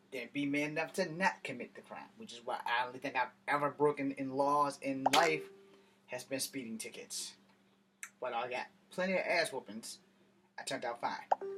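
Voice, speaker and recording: A man rants through a personal story in a blunt, cussing, heated way. His voice sits at an ordinary middle pitch. He is picked up from some distance off the mic, with a faint hum of ambience underneath. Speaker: vlogger. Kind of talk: casual storytelling rant.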